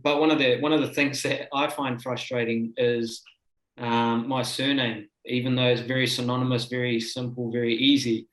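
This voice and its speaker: A man's voice: mid-range voice, fairly bright tone, echoey room, low-quality recording. A man talking candidly as a panelist in a rambling way, with fillers and restarts. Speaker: panelist, cricketer.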